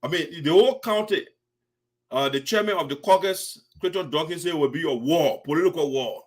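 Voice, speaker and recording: Liberian male host, higher-pitched voice, teasing political commentary. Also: a little fast. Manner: mocking, playful, repeats phrases with laughter.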